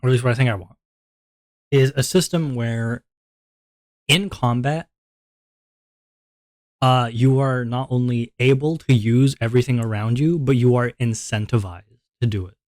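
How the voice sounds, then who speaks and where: A man streaming from home, thinking out loud in a rambling way with many fillers and restarts, and a little out of breath. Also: medium pitch, fairly even intonation, moderate pace, pauses often, dry recording, clean studio sound. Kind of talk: casual stream chat.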